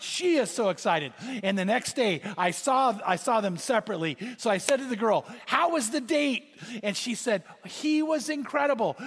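Casting: male pastor, high voice, lively storytelling sermon, big reverberant hall. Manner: animated storytelling with rising exclamations.

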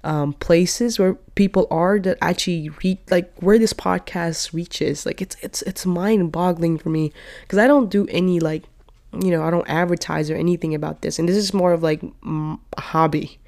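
Speaking into a podcast mic, a twenty-something woman chats alone on her show in a low, steady, somewhat dark voice at normal speed. She's still slightly ill and meanders casually, leaning on "like" and "you know."

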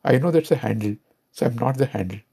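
A man's voice: mid-range voice, fast talker, creaky, mellow, husky. A man with an Indian English accent giving a reflective spiritual talk, asking rhetorical questions as he goes. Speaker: spiritual teacher.

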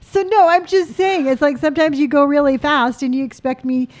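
Middle-aged woman, mother on a podcast, playful, laughs a lot, high-pitched voice. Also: a little fast. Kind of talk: casual family chat.

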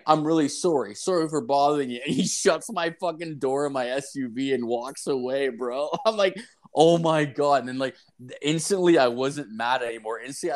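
Young guy, casual storyteller, loose and profane, full of filler, mid-pitched. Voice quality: profane, rambling, heavy with filler words. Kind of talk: casual chat.

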